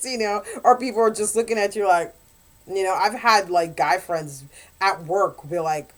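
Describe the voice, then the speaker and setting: A woman and romance author chatting casually in a book review, animated and quick to laugh. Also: medium pitch.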